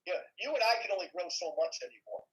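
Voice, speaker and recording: A man's voice: high voice, sing-song, rapid-fire, a bit bright. A man with a faded New York accent, telling business stories in a casual chat, often checking in with "okay?" and "right?". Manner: storytelling, repeats words, asks "okay?". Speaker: guest. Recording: dull lo-fi sound.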